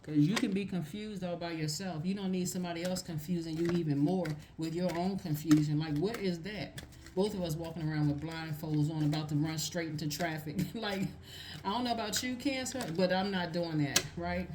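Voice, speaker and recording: Woman tarot reader with a lowish voice, emphatic, repeats lines for stress, faint noise underneath. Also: brisk. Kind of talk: casual tarot reading monologue.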